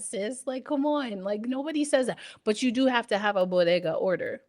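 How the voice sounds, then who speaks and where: A woman with a New York accent and a high voice co-hosts a casual show. Her talk is playful and full of slang. She stays animated as she riffs. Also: fairly quick, few pauses. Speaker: podcast co-host. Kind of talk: casual chat.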